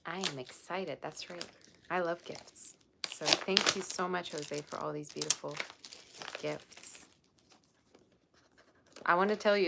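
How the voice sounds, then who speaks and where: Low-voiced woman on a noisy livestream. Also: creaky. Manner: effusive, gushing and emotional while unboxing gifts. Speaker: tarot reader livestream host. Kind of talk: casual livestream chat. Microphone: built-in device mic, no proper microphone.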